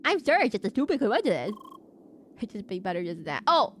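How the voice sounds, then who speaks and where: A woman streams a game from a desk mic at home, talking in a loose, rambling way that keeps restarting itself. Her pitch sits in the middle for a woman, and a faint hum of room noise runs underneath. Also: very animated, fairly quick. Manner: chatty and rambling, many fillers and restarts. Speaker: VTuber streamer. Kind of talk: casual game stream chat.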